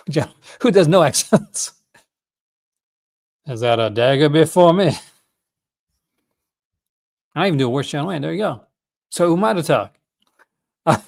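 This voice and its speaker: A man hosting a casual livestream, rambling enthusiastically and often correcting himself mid-sentence. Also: mid-range voice. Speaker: host.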